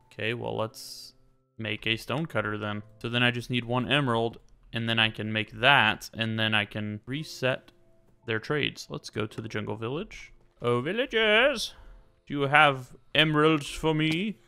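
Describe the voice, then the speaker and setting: A young man casually commenting while he plays a game, chatting to the game characters and turning suddenly loud when surprised. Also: lowish voice, fairly even intonation, normal speed, vocal fry, clear, resonant tone. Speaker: gaming YouTuber. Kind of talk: casual let's-play commentary. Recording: faint music behind.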